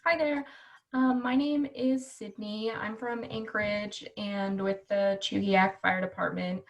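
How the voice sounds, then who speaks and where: Eager woman, flat voice, away from mic. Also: mid-range voice, measured pace, recorded from a distance, highs cut off. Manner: eager, upbeat. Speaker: nurse, new firefighter student. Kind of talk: self-introduction in an online class. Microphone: video call.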